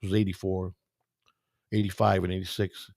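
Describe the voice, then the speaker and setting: A man's voice: deep voice, little pitch movement, moderate pace, vocal fry, darkish tone, no echo, clean studio sound. A man telling a story from his own past in a casual sit-down chat, swearing freely and acting out what other people said. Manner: profane, acts out the dialogue of others. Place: indoors, sit-down set.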